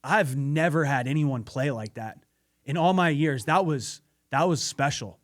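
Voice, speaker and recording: An encouraging male basketball coach, as a man quotes him. He sounds upbeat and challenging, in a slightly high voice. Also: unhurried, dry recording, studio quality, natural voice.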